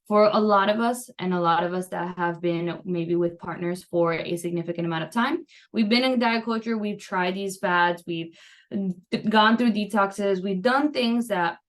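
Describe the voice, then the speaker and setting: A young woman nutrition coach talks to her clients over a computer mic on a video call. Her voice sits in a middle register, and her delivery is chatty and loose, full of fillers and reassurance. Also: medium pitch. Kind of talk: casual coaching talk over screen share.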